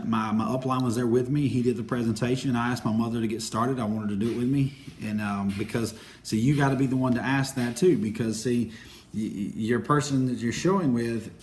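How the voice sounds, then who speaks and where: An upbeat young man teaches new sales recruits, acting out quick, hurried phone calls. His voice sits at an ordinary middle pitch. A faint hum of room noise runs underneath. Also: a little mellow. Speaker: sales trainer. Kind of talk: motivational training talk.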